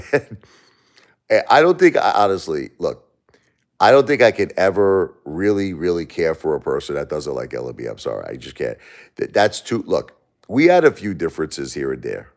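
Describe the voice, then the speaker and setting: Brooklyn-accented livestream host, deep voice, animated and rambling in casual chat. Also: male voice. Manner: animated, rambling storyteller who repeats himself. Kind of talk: casual chat answering viewers.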